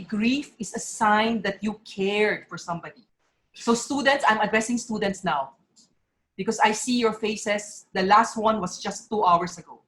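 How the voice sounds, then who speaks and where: A woman's voice: mid-range voice, fairly bright tone, poor audio. Earnest woman giving a heartfelt talk. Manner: earnest and emotional, voice breaking at times. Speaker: speaker at a parents' forum. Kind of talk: emotional public talk.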